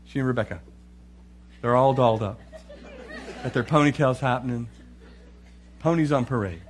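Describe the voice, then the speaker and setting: A middle-aged man telling a funny family story in an animated, chuckling way. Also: mid-range voice, normal speed, crowd noise, background noise. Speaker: speaker. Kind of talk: humorous storytelling talk.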